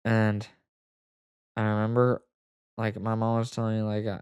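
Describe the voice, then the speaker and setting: A man's voice: fairly low pitch, completely flat delivery, a little mellow, clean tone, no echo. Hesitant young man telling a personal story. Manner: halting, full of fillers and restarts; emotional, close to tears. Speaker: vlogger.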